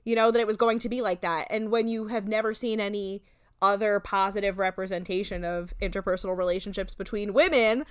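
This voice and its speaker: A woman's voice: medium pitch, fairly even intonation, brisk, clear, resonant tone, dry recording, clean studio sound. A young woman co-hosting a casual podcast, recapping a reality show with lots of fillers and voiced-out quotes. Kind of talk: casual chat.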